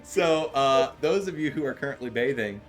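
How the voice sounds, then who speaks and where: Low-key man running a tabletop game. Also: expressive, moderate pace. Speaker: game master. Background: background music.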